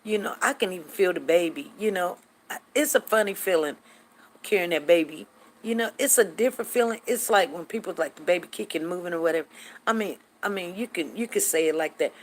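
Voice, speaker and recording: A middle-aged woman hosting a casual live chat, telling stories in an animated, chatty way and acting out what people said. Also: fairly low pitch, brisk. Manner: chatty, animated, acts out quotes, drawls. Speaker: host greeting live viewers.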